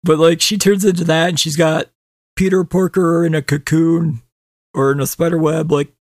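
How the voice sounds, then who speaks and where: A man's voice: a little high, flat delivery, moderate pace, dry recording, clean studio sound. A young man co-hosting a casual book review chat, ranting with heavy profanity and exasperation. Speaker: podcast co-host.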